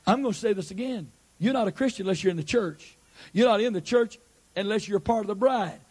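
A man with a high voice preaches a sermon in a drawl. He hammers on his points again and again and acts out small scenes as he goes. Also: fast, a little mellow, breathy edge.

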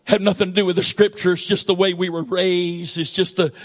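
A man with a Southern US accent preaching a sermon, swinging between shouted lines and quiet asides. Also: high voice, level tone, brisk. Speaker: pastor.

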